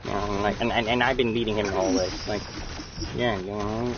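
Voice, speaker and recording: A man casually commenting on a co-op game he is streaming, excitable and swearing, breaking into loud yelps. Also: on the low side, fast, highs cut off, noisy background. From Canada. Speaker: gamer streaming co-op play.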